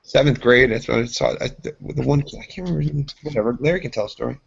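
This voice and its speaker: A man's voice: medium pitch, very fast, creaky, husky. A man co-hosting a casual podcast, telling rambling stories and acting out the other voices in them. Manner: animated, acts out voices in his stories. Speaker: podcast co-host. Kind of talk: casual chat, storytelling. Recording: dull lo-fi podcast audio.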